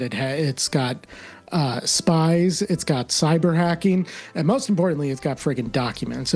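Rambling, mock-earnest comic panelist. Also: male voice, fairly high pitch, darkish tone. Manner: mock-earnest, rambling, stumbles over names. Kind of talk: comedic panel chat.

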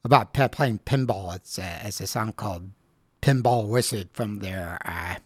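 Rambling, halting male radio DJ. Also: on the low side, breathy edge, no room sound, clean studio sound. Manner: rambling, halting, self-correcting. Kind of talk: casual radio show links.

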